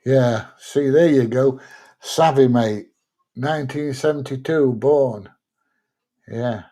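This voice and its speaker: A middle-aged man hosts a live stream in a relaxed, chatty way, musing aloud between viewer comments. His voice is mellow and warm, pitched in an ordinary middle range. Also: slow pace. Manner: chatty, laid-back, thinks aloud with fillers. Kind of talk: casual chat reading viewer comments.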